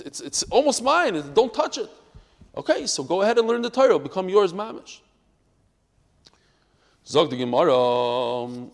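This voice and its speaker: A man leads a Talmud class in a fairly high voice. He talks animatedly, dropping into quiet asides and then rising to loud, emphatic bursts. His voice carries a long reverb from the room. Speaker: Torah teacher.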